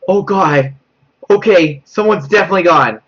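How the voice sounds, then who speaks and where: Young guy freaking out over a horror game live, bit high voice, muffled cheap mic. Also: expressive, normal speed, fairly bright tone. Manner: panicky, laughing, repeats himself, reads chat aloud. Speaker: streamer. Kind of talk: live gameplay commentary. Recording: dull low-quality mic.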